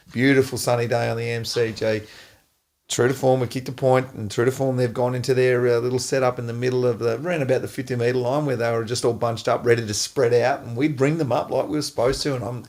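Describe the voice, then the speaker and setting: A middle-aged Australian man hosting a podcast, an animated storyteller who laughs often. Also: mid-range voice. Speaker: podcast host, former footballer. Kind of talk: casual storytelling chat.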